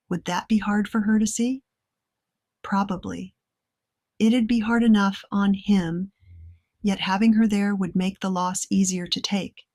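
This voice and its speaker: A woman reading her own novel aloud as audiobook narrator, in a calm, measured way. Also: mid-range voice, dry recording.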